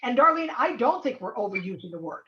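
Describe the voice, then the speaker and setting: A woman's voice: on the high side, sing-song, fast, pushed and bright, echoey room, highs cut off. A woman speaking as a guest in an online talk, giving emphatic and encouraging advice over a video call. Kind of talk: webinar talk.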